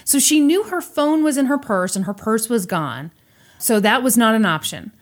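A woman hosting a podcast, retelling a true crime story in casual chat with animated, sarcastic asides. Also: fairly high pitch, normal speed.

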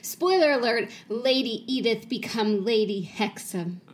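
A woman's voice: fairly high pitch, lively intonation, unhurried, rough recording. A young woman co-hosting a podcast in casual chat, talking in a bubbly way about what she has been watching. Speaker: podcast co-host.

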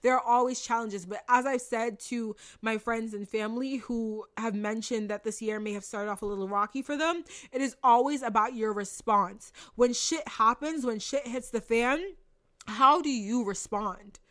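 A woman's voice: fairly high pitch, moderate pace, a bit bright. A young woman hosting a podcast, giving an emphatic motivational talk with lots of repetition, casual swearing and laughs. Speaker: podcast host and manifestation coach.

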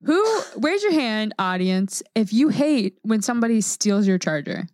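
A woman's voice: fairly high pitch, very animated, a little slow, darkish tone, dry recording, studio quality. A young woman co-hosting a family podcast, bantering with mock outrage and frequent laughter. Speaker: podcast co-host.

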